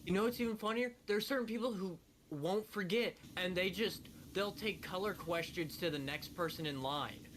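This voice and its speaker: A young man, a friend of the host, chats casually while they game together, telling stories full of wry, joking complaints. His voice sits high and a bit bright, at a moderate pace with hardly any pauses. The audio is poor, with audible background noise.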